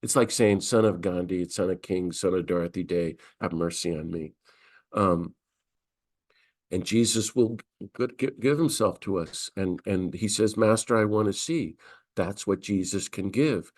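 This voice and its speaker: A middle-aged priest teaching a class on scripture, lively and conversational, briefly acting out the voices of the figures he quotes. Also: low voice, a little slow. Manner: animated, acts out quoted voices. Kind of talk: lecture on scripture.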